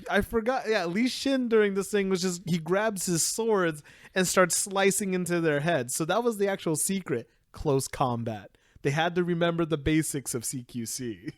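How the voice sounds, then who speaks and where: A man's voice: sits high, normal speed, no room sound. Young man animatedly recapping an anime. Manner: animated recapping, acts out characters' lines. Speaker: podcast co-host. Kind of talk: casual anime review chat.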